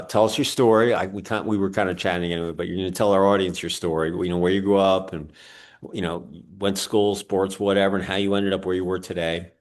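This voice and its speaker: A man with a Pennsylvania accent hosting a casual interview, talking in a rambling, folksy way with many fillers. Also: low voice. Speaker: podcast host.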